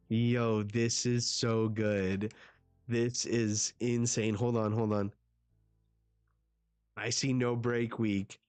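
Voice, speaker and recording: Man, live comic reaction, slow deliberate delivery, dry close sound, faint music behind. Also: medium pitch, dry recording. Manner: excitable, casual, swears. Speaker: manga reaction streamer.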